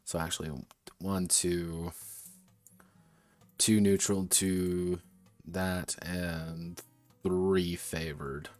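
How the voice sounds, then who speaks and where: Low-voiced man musing over game stats. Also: flat delivery, drawn-out words, long pauses, soft background music. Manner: muttering, self-correcting, casual swearing. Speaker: game designer streaming his work. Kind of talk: thinking aloud while designing a tabletop game.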